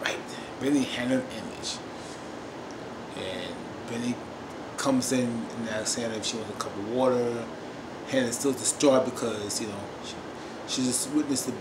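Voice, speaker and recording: A man giving a casual review of a TV episode, emphatic and repetitive, often calling out to his viewers. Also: medium pitch. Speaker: TV show reviewer. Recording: echoey room with steady noise.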